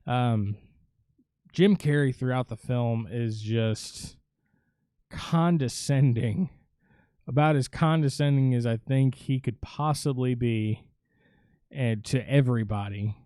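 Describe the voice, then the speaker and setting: A man's voice: mid-range voice, slow, warm tone, smooth, no echo, clean studio sound. A man streaming live, giving a casual, rambling, profane film recap with lots of fillers.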